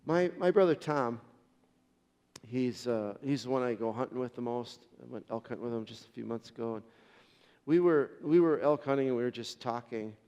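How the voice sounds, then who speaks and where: A man's voice: mid-range voice, moderate pace, mellow, clear, resonant tone, long reverb tail. A man preaching a sermon as pastor, telling a story in an earnest way with frequent restarts.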